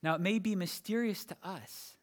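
In a high voice, a preaching man works through a passage phrase by phrase. Emphatic pauses and little restarts run through his sermon.

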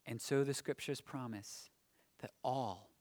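A man preaching through scripture, his voice sitting at a middle pitch. He swings between loud, pressing emphasis and soft, hushed stretches. The recording is close and dry. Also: unhurried, no echo. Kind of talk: sermon.

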